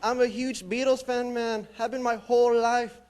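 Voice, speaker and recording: A young man from New Mexico doing a stand-up comedy set with a deadpan, wry delivery. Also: very high-pitched, normal speed, clear, resonant tone. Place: small college theatre stage.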